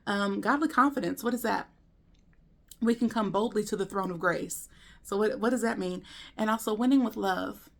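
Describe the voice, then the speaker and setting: A woman's voice: medium pitch, normal speed, vocal fry. Chatty woman teaching discipleship. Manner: conversational, full of rhetorical questions; frequent ums and restarts. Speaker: ministry leader presenting a discipleship course. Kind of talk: casual teaching to camera.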